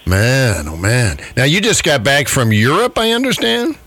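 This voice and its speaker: Chatty, lively radio host man. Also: mid-range voice, unhurried, husky, no echo. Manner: chatty and jokey, laughs often. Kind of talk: casual radio interview.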